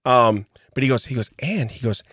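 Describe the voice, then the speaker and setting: A man's voice: mid-range voice, normal speed, no echo, clean studio sound. A middle-aged man co-hosting a podcast, telling a story with lots of laughs and frequent "okay?" asides. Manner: animated storyteller, laughs often, says "okay?" a lot. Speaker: podcast co-host. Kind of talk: casual comedic chat. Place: podcast studio. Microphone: studio mic.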